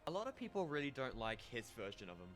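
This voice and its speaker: A man's voice: medium pitch, sing-song, a bit bright. A man narrating a scripted, opinionated ranking of actors over music. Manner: brisk, opinionated.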